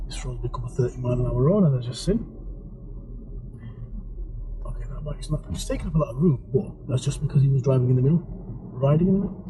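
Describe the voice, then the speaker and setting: A male driving instructor with a mixed English accent tinged with Birmingham, giving relaxed, chatty commentary and explaining each step as he drives. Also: on the high side. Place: inside a moving car. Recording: car engine and road noise.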